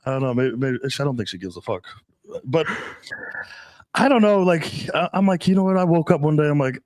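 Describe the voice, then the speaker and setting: A man in his thirties, a dating coach, telling crude stories in casual podcast talk and acting out the dialogue with big swings in pitch. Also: lively intonation, fairly quick, darkish tone, dry recording.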